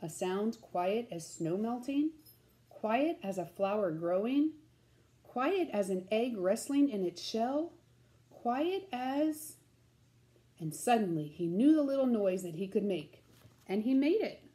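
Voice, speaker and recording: Warm, lively woman reading a children's story. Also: on the high side. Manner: gentle, sing-song, slow.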